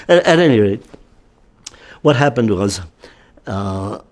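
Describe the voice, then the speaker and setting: An American man in his nineties, a war veteran telling a personal story in a halting way, with frequent restarts. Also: lowish voice, expressive. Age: 90s. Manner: halting and repetitive, with many restarts and fillers.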